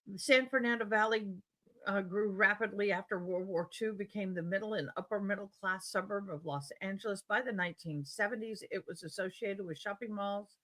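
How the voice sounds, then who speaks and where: A woman's voice: mid-range voice, a little fast, a bit bright. A woman with a Tidewater Virginia accent hosting a live stream, chatting casually and rambling as she reads comments aloud.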